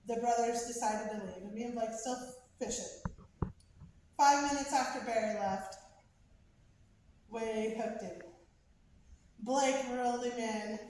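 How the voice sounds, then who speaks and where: A woman telling a prepared personal story about her son, measured with slow emphatic pauses, growing lively at the exciting parts. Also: on the high side. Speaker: mother telling a family story. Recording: very echoey, distant, faint background noise.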